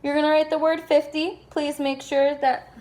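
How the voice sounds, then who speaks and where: Casual young woman teacher, slightly high. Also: flat delivery, darkish tone. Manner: casual, filler-heavy, slows to spell things out. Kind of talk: recorded class lesson.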